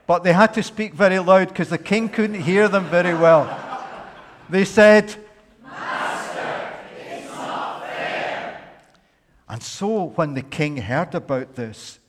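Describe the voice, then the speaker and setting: Slow, echoey preacher. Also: male voice, fairly high pitch, a faint crowd. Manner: animated storytelling, playful asides. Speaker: pastor. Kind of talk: sermon with a dramatized parable reading. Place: church. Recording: long echo of a large hall.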